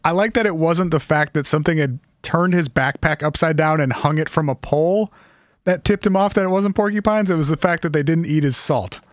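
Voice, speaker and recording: A man's voice: fairly high pitch, fairly quick, no echo, studio quality. A man hosting a podcast, telling a story in casual chat with an easygoing, wry manner. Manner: easygoing, wry, reads quotes aloud.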